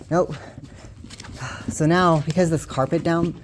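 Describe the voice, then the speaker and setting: A woman with a low, mellow voice talks casually while herding puppies from her house to the yard. She coaxes and scolds them, laughs, and gets winded along the way. It is recorded on a handheld camera with faint background noise. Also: unhurried. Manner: coaxing and scolding puppies, often laughing and sighing. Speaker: dog breeder filming her puppies. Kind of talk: casual vlog narration. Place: home and backyard, indoors and outdoors. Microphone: handheld video camera.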